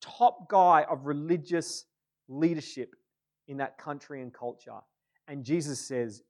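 A man preaching a sermon, animated, moving between loud emphatic bursts and quiet, drawn-out phrases. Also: on the high side.

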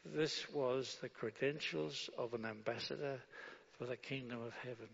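A man's voice: medium pitch, moderate pace, gravelly, a bit bright, slightly rough. A man preaching a sermon, asking rhetorical questions and leading the congregation through a prayer. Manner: rhetorical questions answered with a firm no; leads the congregation in reading prayer aloud. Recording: dull sound with long hall reverb.

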